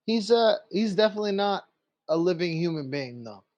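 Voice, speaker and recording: A man's voice: high-pitched, expressive, fairly quick, a little mellow, no echo. A man narrating as game master of a tabletop game, loose and full of fillers. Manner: loose, filler-heavy, laughing easily.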